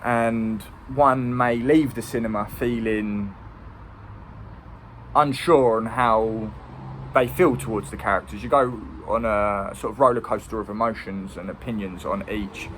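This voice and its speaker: A man's voice: fairly low pitch, steady tone, unhurried, a bit bright, slight background noise. A man giving a casual, rambling film review. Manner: rambling, with many ums and restarts.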